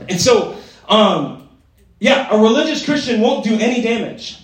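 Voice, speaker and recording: A man preaching a sermon in an energetic, conversational way, often checking in with the room. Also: high voice, moderate pace. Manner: energetic, conversational, tag questions. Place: church gathering hall. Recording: echoey hall from far off.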